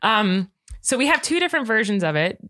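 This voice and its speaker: A woman's voice: fairly high pitch, big pitch swings, fairly quick, fairly bright tone, no room sound, studio quality. A woman vlogger in casual, giggly chat, nervous and talkative.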